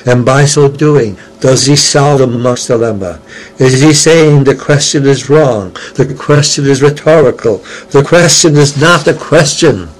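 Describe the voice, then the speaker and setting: An older man giving a Zen dharma talk in a slow, measured and earnest way, with many questions and long pauses. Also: medium pitch, rough recording. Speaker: Zen teacher.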